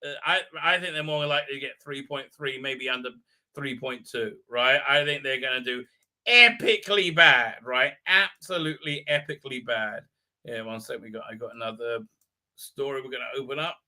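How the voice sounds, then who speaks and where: Bright-voiced rambling live-stream host man. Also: medium pitch, moderate pace. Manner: rambling, many filler ums and uhs, sardonic. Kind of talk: casual live review chat.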